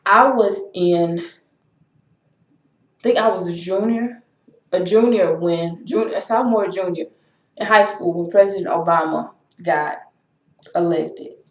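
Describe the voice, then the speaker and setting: A woman's voice: lowish voice, slow pace, long pauses. A young woman, talking in an impassioned, repetitive way in a personal vlog. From Texas. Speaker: vlogger. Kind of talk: emotional personal vlog rant. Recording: echoey room.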